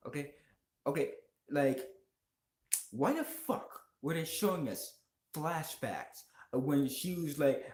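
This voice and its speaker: A vlogger giving a heated, profane movie rant and talking straight to viewers, voice jumping higher when worked up. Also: expressive, slow pace, a little mellow, reverberant. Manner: heated, swearing, pitch jumps up when worked up; talks to viewers and chat directly. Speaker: video blogger.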